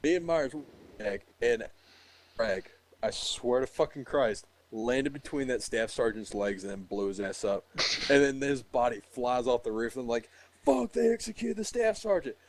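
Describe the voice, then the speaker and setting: A man's voice: medium pitch, moderate pace. A man casually telling a story among friends, swearing freely and laughing often. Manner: profane, animated, laughs often.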